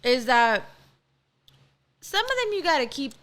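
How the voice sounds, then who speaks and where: A woman's voice: high voice, sing-song, a little slow, a bit bright. A woman co-hosting a casual chat show, talking freely and slipping between English and Spanish. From Texas. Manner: chatty, mixes English and Spanish. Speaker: co-host.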